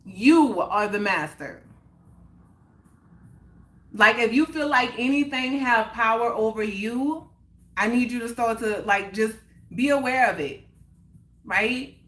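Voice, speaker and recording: Bright, emphatic woman hosting a live stream. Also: on the high side. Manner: emphatic, repeats points for emphasis; reads and answers the chat. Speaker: livestream host. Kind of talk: casual live-stream chat to viewers.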